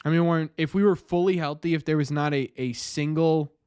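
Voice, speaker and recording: A man's voice: on the high side, steady tone, a little fast, darkish tone, smooth, dry recording, clean studio sound. A young man hosting a live stream, chatting with viewers, talking in rambling, exasperated bursts with frequent restarts. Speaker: podcast host reading live chat. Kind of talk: casual live-stream game commentary.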